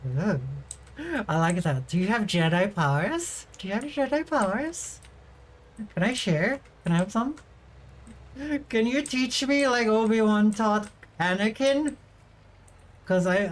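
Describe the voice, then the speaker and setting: A young woman in a casual livestream chat, talking straight to her viewers from a home streaming setup. She giggles often and answers messages with chatty, easygoing replies. Her voice sits at an ordinary middle pitch for a woman. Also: rough recording. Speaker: VTuber livestreamer.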